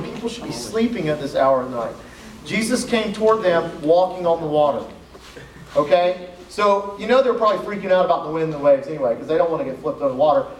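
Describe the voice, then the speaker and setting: Youth camp speaker, male, higher voice, joking asides, heard from far back in an echoey hall. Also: slight background noise. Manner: joking, conversational, reads scripture aloud with asides. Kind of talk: casual youth sermon.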